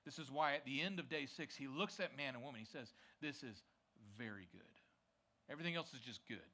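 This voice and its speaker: A man giving a lively youth sermon in a church service, his voice bright and forward. He keeps it conversational and checks in with the room often. His pitch sits in a middle register. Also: fairly quick. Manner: energetic, conversational, frequent "okay?" check-ins. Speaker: youth pastor.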